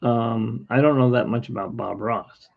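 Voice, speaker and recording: A man's voice: medium pitch, unhurried, vocal fry, narrow, tinny audio. A man who hosts an art livestream, chatting in a rambling, opinionated way. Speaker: artist, livestream host. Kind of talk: casual livestream chat.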